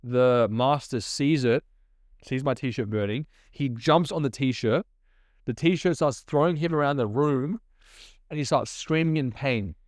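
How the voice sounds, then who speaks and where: A man telling his personal testimony in a lively, conversational storytelling manner. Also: medium pitch, a little slow, no echo, studio quality. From Australia.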